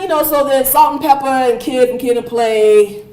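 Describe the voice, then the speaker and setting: A high-pitched woman lectures to a room, her voice carrying a roomy, echoing hall sound. She tells her story in an animated, storytelling way and laughs often as she goes. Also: moderate pace, distant mic. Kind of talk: university lecture.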